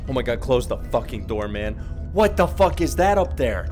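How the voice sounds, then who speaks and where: Young man, horror game commentary, profane, jumpy, wildly swinging pitch, faint music behind. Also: big pitch swings, normal speed. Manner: profane, jumpy, yelps and laughs often. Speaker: gaming YouTuber.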